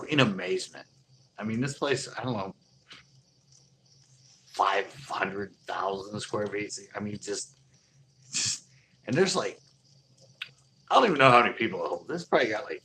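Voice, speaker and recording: A man's voice: fairly low pitch, creaky, sharp tone, a little hiss or hum. A man telling a long casual anecdote, rambling with many fillers and chuckling as he goes. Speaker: storyteller.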